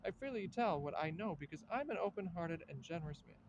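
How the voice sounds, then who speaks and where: A proud, earnest coffee shop owner. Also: male voice, on the high side, expressive, fast talker, highs cut off, a little hiss or hum. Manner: earnest, self-assured. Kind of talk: radio play acting.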